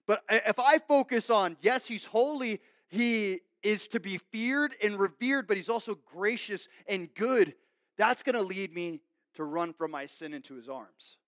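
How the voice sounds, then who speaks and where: A man preaching a sermon in an earnest, conversational way, checking in with the audience and swinging between emphatic raised lines and soft, quiet asides. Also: high voice, expressive, measured pace, no room sound, clean studio sound. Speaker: pastor.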